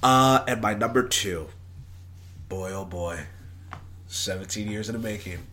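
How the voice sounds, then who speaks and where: A young man co-hosting a casual podcast, talking in a playful, jokey, animated way. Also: lowish voice, unhurried. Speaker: podcast co-host. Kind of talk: casual chat.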